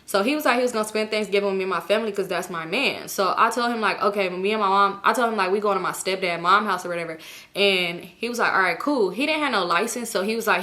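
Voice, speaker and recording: Young woman doing a storytime, talks super fast, bright voice, cusses a lot, acts out everybody's lines. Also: mid-range voice. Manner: animated, swears freely, acts out voices of others. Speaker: storytime vlogger. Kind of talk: casual storytelling.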